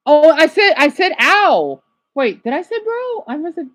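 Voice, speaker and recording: High, swooping voice of an agitated young man. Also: big pitch swings, normal speed, dry recording. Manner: agitated, rambling, swings from quiet mutters to loud outbursts; shouts at someone off to the side. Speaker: livestreamer reacting to videos. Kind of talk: casual livestream reaction chat.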